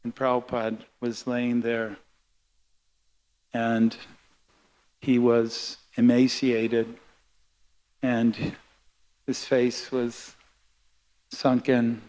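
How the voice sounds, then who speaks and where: An older man giving a sermon built around a personal memory, speaking in a halting, heartfelt way with frequent restarts. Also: mid-range voice, a little mellow. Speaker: guest speaker at a temple class.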